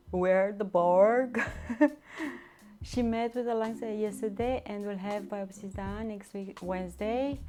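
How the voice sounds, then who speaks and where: A woman's voice: medium pitch, slow, pauses often. A woman hosting a live stream from her home kitchen, chatting and giggling as she answers viewer comments. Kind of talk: live-stream baking chat. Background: soft background music.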